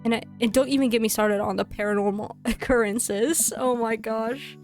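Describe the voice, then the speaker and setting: A young woman talks over a game on stream in a fairly high voice, playful and chatty. Faint game music plays under her. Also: steady tone, moderate pace, darkish tone. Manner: chatty, playful, laughs often. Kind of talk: casual game commentary. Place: home streaming setup.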